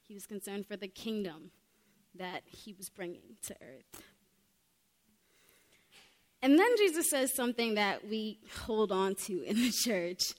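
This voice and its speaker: A woman's voice: mid-range voice, sing-song, measured pace, pauses often. A young woman preaching a sermon in a heartfelt, earnest way, often saying "like" between her thoughts. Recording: long reverb of a large hall.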